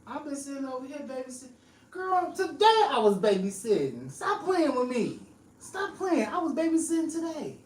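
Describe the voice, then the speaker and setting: A woman's voice: high voice, sing-song, normal speed, a little mellow. A woman chatting casually as a podcast guest, blunt and joking, laughing often. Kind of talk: casual chat. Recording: echoey room, mic at a distance.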